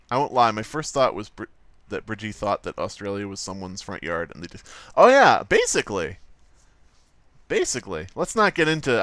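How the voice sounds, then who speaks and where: A man's voice: lowish voice, a bit bright, clear, resonant tone, dry recording. Rambling, joking man streaming live. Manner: rambling, joking, swears freely. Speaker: livestream host. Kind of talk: casual livestream chatter while drawing.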